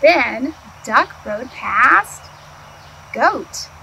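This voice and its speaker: Her voice is high, and the poor audio carries a slight hiss or hum. A woman who teaches early childhood is reading a picture book aloud to little ones. She keeps it lively, asking the children questions and supplying the answers herself, all in a slow, clear storytime style.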